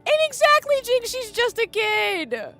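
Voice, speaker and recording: High, bright, teary woman streamer. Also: wildly swooping pitch, measured pace, gravelly, soft background music. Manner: emotional, gushing, breaks into tears. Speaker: game streamer. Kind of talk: casual live-stream commentary.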